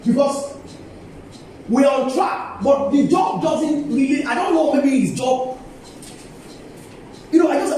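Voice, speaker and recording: A man's voice: very high voice, unhurried, long pauses, darkish tone, slight background noise. An older man with a Nigerian English accent giving an emphatic seminar talk, repeating key phrases and coaxing the audience. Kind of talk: lively seminar lecture to colleagues. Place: university lecture hall. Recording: echoey hall from a distance, faint ambience.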